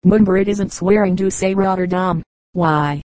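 A woman's voice: mid-range voice, moderate pace, darkish tone, no echo, lightly acted. A woman voicing a small mischievous boy who drops his g's as he questions his grandmother, read from a storybook of jokes. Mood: cheeky. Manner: dialect, dropping g's.

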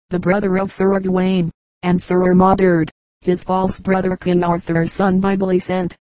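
A woman narrating an audiobook of an old legend, measured and even. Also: fairly low pitch, no echo, rough recording. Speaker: audiobook reader. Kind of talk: scripted narration.

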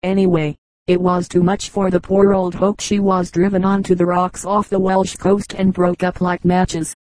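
A woman reading the part of a quiet, terse old boatman in a storybook, telling his tale slowly. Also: fairly low pitch, flat delivery, dry recording, close to an everyday voice, poor audio. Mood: solemn.

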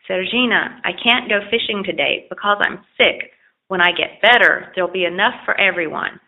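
A woman voicing a kindly, trusting old fisherman who calls out loudly to his animals and speaks gently to them, in a storybook reading. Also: mid-range voice, normal speed, close to an everyday voice. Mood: calling, gentle. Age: older. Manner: calling out, gentle and patient. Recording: tinny phone-like lo-fi recording.

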